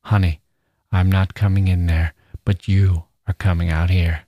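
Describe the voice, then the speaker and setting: A man reading the part of a menacing, smooth-talking male stalker, coaxing in a casual drawl full of slang. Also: low-pitched, little pitch movement, measured pace, dark tone, no room sound, studio quality.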